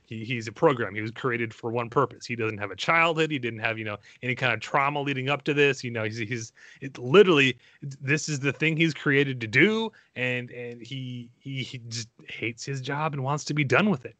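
A podcast host with a medium-pitched, sharp-toned voice talks at normal speed with few pauses, and the recording has no room sound. He's enthusiastic and rambling in this casual chat, often restarting sentences and making self-deprecating asides.

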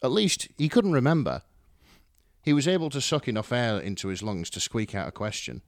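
A man's voice: medium pitch, expressive, brisk, dry recording, studio quality. A man reading a fan story aloud with dramatic, wry narration. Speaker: story reader. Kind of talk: expressive fan fiction reading.

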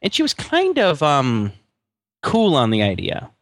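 A man's voice: on the high side, wildly swooping pitch, unhurried, creaky, no room sound. A middle-aged man co-hosting a podcast in casual chat, rambling with many restarts and fillers. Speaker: podcast co-host.

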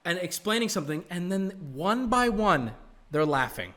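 Host type, man with a slightly high voice, chatty storyteller who acts out the quotes. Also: normal speed. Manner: animated, acts out others' lines in quotes. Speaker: streamer host. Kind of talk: casual storytelling chat.

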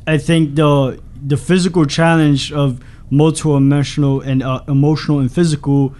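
A man, a comedian and former Marine, answering interview questions in a measured, thoughtful way. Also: on the high side, little pitch movement, darkish tone. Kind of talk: casual interview chat.

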